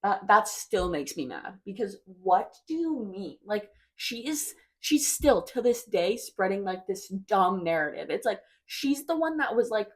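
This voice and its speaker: A woman's voice: mid-range voice, big pitch swings, a little slow, few pauses. A woman in her twenties talking casually to her viewers, rambling and hesitant, often trailing off with "I don't know.". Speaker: vlogger. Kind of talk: casual confessional chat.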